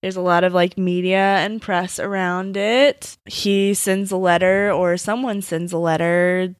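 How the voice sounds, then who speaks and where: A woman's voice: on the low side, flat delivery, measured pace, dry recording, clean studio sound. A woman co-hosting a podcast in casual chat, swearing freely and leaning on "like" as a filler. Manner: casual and profane, full of "like" fillers. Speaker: podcast co-host.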